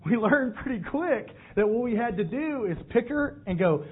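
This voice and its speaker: A male pastor preaching a sermon, telling the story in an animated way and acting out the voices. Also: extremely high pitch, moderate pace, hardly any pauses, husky. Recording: phone-like narrow band.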